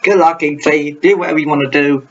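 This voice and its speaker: A man with a slightly high voice hosting a casual reaction video. He rambles, repeats words and stops and restarts his sentences, and his voice sounds a little off today. The recording is dull and lo-fi, with a faint hiss underneath. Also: steady tone, fast talker. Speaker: reaction channel host.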